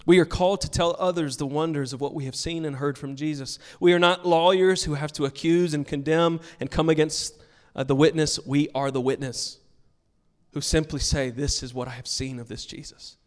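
A man's voice: a little high, fairly even intonation, normal speed, long reverb tail. A pastor preaching a sermon to his congregation, emphatic and earnest, telling stories between points. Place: church sanctuary with a congregation.

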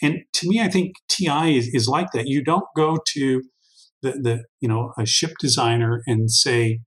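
A man speaking as an interview guest, his voice sitting in an ordinary middle register. He works through his points slowly and at length, repeating words and dropping in fillers as he thinks aloud. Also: mid-range voice, low-quality recording. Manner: thoughtful, long-winded, many restarts and fillers. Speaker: guest expert on workforce intelligence. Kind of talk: conversational interview answer.

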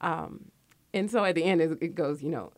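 A woman in her forties from Connecticut, USA, speaks in a deep voice at a normal pace, recorded dry. She's a guest author on a casual radio interview, talking in a reflective, storytelling way.

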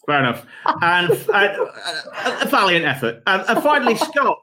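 A man's voice: high-pitched, sing-song, normal speed, sharp tone. A man hosting a casual group quiz game, reading out questions and laughing at the answers. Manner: reads out pre-written questions, stumbles and laughs. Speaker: quiz host.

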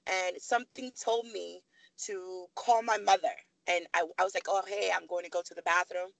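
A woman in her thirties with a gravelly edge, telling her own story with animated energy. She slips into the voices of the people she quotes. The sound is close and dry, with no room around it. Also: fairly low pitch, moderate pace, no room sound, rough recording. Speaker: podcast guest. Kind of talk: candid storytelling.

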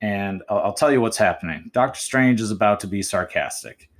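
A man with a lowish voice talks fairly quickly as he hosts a movie essay podcast. He thinks aloud through his writing choices, weighing options with questions, and gives listeners friendly, encouraging tips in a chatty way, calling them folks.

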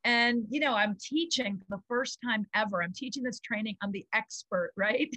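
A middle-aged woman, a yoga founder, tells stories in an animated, gushing way and laughs often. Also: on the high side, moderate pace, dry recording. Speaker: guest, kids yoga founder. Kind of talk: casual storytelling interview.

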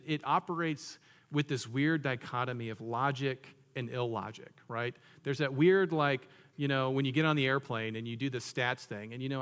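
Guy giving a sermon, chatty and joking, asks the crowd stuff, long hall echo. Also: mid-range voice. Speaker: pastor.

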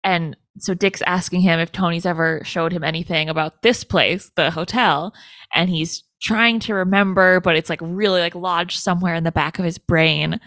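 Wry mid-pitched woman narrating a film. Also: fairly even intonation, normal speed, a bit bright, no room sound. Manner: narrates plot casually with swearing and wry asides. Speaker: podcast co-host. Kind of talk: casual movie recap chat.

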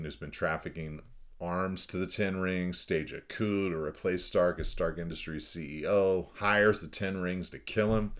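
A man with a low voice co-hosts a podcast with his daughter. He recaps a movie casually, rambling a bit and laughing often. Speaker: podcast co-host, father. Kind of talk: casual chat recapping a film.

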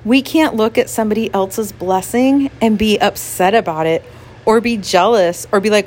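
A pastor's wife giving a casual, earnest devotional talk to listeners, emotional and quick to laugh, with many "like" fillers. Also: female voice, mid-range voice, a little mellow.

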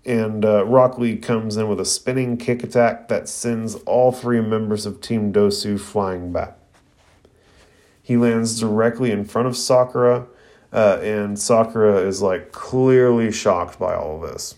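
A man's voice: fairly low pitch, steady tone, a little slow, darkish tone. A man retelling a cartoon episode in a casual review, with fillers. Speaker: anime reviewer.

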